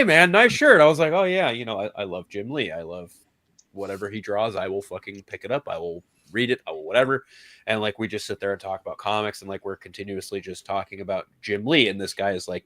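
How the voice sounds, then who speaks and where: A man with a fairly low voice tells a convention story in loose, casual chat, swearing often. The recording is dry and close. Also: quick pace, no room sound. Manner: casual, swears often, builds to excited disbelief. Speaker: streamer panel guest.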